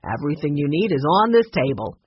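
A woman's voice: low voice, big pitch swings, a little fast, breathy edge, no echo, pitched below the performer's own voice, heavily acted. A woman voicing a cheerful adult male percussionist leading a workshop in a storybook reading. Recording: dull lo-fi recording.

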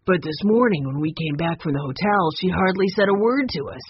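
A sensible teenage brother, calm and matter-of-fact, as a woman reader puts him on. The voice sits fairly low and slightly husky, and the recording is dull. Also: a little fast, no echo.

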